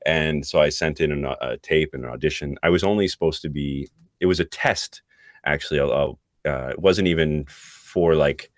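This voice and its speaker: A middle-aged man, a voice actor guest on a podcast, talking casually and reflectively, often pausing to search for words. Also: extremely low pitch, dry recording, studio quality.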